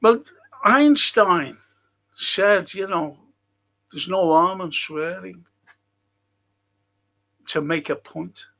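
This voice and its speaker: Reading live chat on his fan show, this host argues with viewers in a heated, combative rant full of swearing. He speaks extremely slowly with frequent pauses, and his high, creaky voice sounds pushed and bright.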